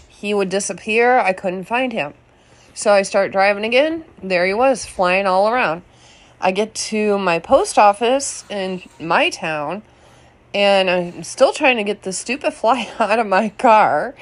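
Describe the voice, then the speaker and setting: A woman home vlogger chatting casually and telling a lively story. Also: medium pitch.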